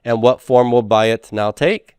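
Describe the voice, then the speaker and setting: Male Hebrew instructor, patient and repetitive, slow measured delivery, dry close mic. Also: mid-range voice, fairly even intonation, a little mellow, smooth, dry recording. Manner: patient, repeats words slowly, checks in with "okay?". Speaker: Hebrew teacher. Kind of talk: recorded grammar lecture.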